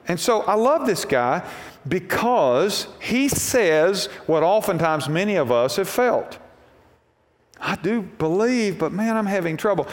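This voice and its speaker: Folksy preacher in a reverberant church. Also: male voice, a little high. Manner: folksy storytelling preacher, acts out voices in quotes. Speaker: pastor. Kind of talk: sermon. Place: church sanctuary. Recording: long reverb of a church hall.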